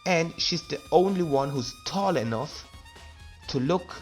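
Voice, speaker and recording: A man's voice: a little high, animated, unhurried, soft background music. A man casually commenting while he plays a video game, joking and reading the game text aloud. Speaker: let's play gamer.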